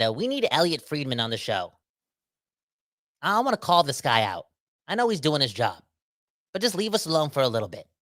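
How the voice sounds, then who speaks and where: A young Canadian man co-hosting a sports podcast, talking in an animated, emphatic way and often calling people "man". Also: medium pitch, no echo, studio quality. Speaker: podcast co-host. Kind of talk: excited sports podcast chat.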